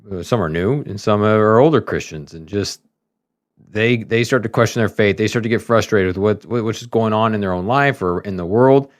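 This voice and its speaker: A man with a fairly low voice hosts a podcast interview. He asks his questions in a reflective, searching way, with some fillers. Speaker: podcast host.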